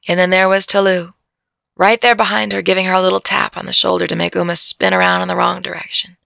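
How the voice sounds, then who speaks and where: Low, gravelly woman reading a story. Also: a bit bright, no echo, clean studio sound. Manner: breaks into laughter at her own jokes. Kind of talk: audiobook narration.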